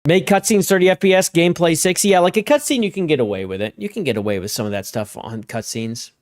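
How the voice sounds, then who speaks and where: Speaking quickly in a voice on the high side, a man hosts a gaming news stream with casual live commentary. He talks loosely and conversationally, full of filler words, and addresses his chat viewers directly with frequent asides.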